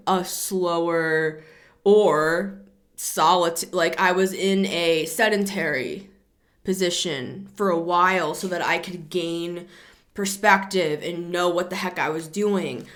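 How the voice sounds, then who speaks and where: A middle-aged woman giving a casual tarot reading, rambling, repeating herself and building to excited emphasis. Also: fairly low pitch. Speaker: tarot reader.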